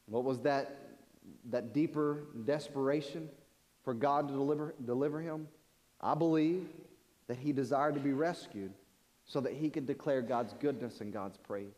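A man's voice: medium pitch, normal speed, a little mellow. A man preaching a sermon in earnest, often repeating words as he presses a point. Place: large church sanctuary. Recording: long church-hall reverb.

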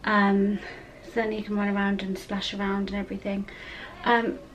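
A woman's voice: mid-range voice, little pitch movement, moderate pace, dull audio. A woman with an English accent chatting casually to her camera in a rambling vlog, often correcting herself. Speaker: vlogger.

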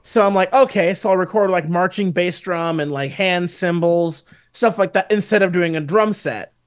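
A man talking as a guest musician on a podcast, relaxed and laughing easily as he tells loose stories. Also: high-pitched, normal speed. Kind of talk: casual podcast chat.

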